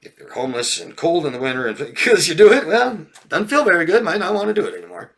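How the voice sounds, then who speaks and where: A man coaching viewers in casual talk, animated, with frequent laughs and checks like "yeah?", mimicking friends in raised mocking voices. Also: high voice, quick pace. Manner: occasional swearing. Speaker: relationship coach.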